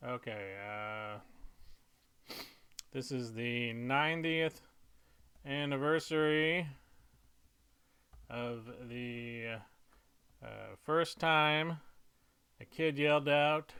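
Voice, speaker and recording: Slow, clear-voiced man muttering jokes. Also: mid-range voice, fairly bright tone. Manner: slow, halting, muttering to himself with fillers; playful, slipping into silly voices for jokes. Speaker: comedy writer. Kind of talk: thinking aloud while writing.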